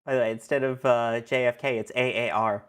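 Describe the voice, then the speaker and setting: A playful host on a casual podcast, reading out viewer comments and laughing often. The voice sits at an ordinary middle pitch. The delivery stays loose and easygoing throughout. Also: fairly even intonation, brisk, smooth. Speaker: show host reading chat.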